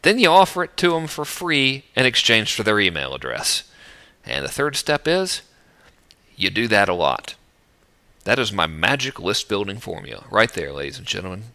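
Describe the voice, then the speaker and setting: A man's voice: fairly low pitch, very animated, moderate pace, vocal fry, sharp tone. A middle-aged man teaching list building in a casual, jokey, self-mocking video talk.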